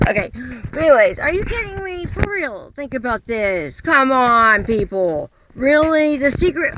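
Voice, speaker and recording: A woman's voice: high-pitched, big pitch swings, normal speed, dull audio, noisy background. A woman delivering an impassioned, exasperated monologue full of rhetorical questions. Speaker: caller addressing unseen listeners.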